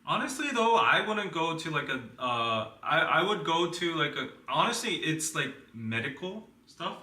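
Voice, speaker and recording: A man's voice: a little high, sing-song, moderate pace, pushed and bright, roomy sound, distant mic. A young man hosting a live podcast, chatting casually with many fillers and restarts. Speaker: podcast host. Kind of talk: casual chat.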